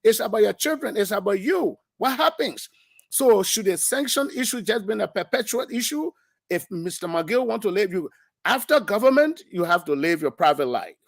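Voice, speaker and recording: A man's voice: high voice, lively intonation, moderate pace, gravelly, dry recording, studio quality. A man, a lawmaker defending his position on a political talk show, speaking emphatically and restarting his sentences.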